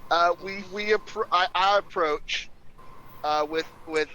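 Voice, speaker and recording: A man's voice: a little high, a little slow, pushed and bright, slight background noise, poor audio. A man playing a tabletop game on stream, hesitant and casually swearing. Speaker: player.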